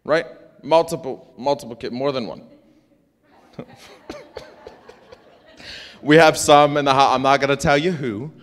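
Animated preacher man in a reverberant hall. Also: mid-range voice, a little slow, long pauses. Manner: animated, joking, with call-and-response asides. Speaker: pastor. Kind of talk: sermon. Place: church sanctuary.

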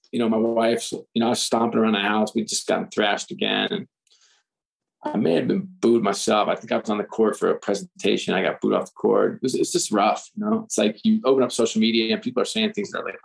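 A middle-aged man, an author guest, telling candid stories in an interview, animated and full of restarts. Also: on the low side, vocal fry, rough recording. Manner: animated, restarts often, acts out quotes. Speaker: author and sports executive guest.

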